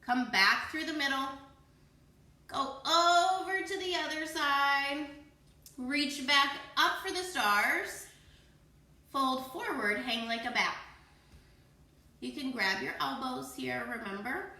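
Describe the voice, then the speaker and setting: Bright, playful woman leading kids' yoga. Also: sits high, slow pace, long pauses. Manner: encouraging, playful, cueing poses and breaths. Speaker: kids yoga teacher. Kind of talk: guiding a children's yoga class. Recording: echoey room.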